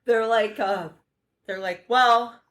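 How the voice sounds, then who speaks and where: A woman from the United States telling a story on a podcast, animated and profane, acting out the dialogue as she goes. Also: on the high side, slow. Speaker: podcast co-host. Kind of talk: casual storytelling chat.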